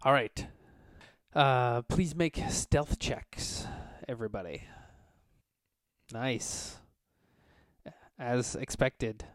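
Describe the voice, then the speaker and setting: Male game master, easygoing halting narration, average pitch, dry close recording. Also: no echo. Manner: relaxed, halting narration with many fillers.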